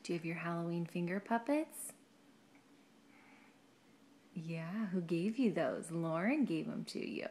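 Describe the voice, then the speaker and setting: A mother speaks slowly and gently to her infant, her voice rising into a sing-song lilt as she coaxes and praises. The talk is unhurried home-video baby talk, with a faint hum of room noise behind her. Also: lowish voice, animated. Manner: sing-song, encouraging, coaxing. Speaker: parent filming her baby.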